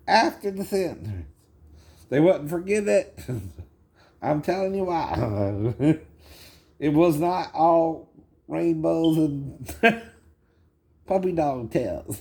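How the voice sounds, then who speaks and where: A man's voice: a little high, lively intonation, extremely slow, pauses often, darkish tone. A man in his fifties giving rambling commentary on a video, chuckling often and tagging his sentences with "right?".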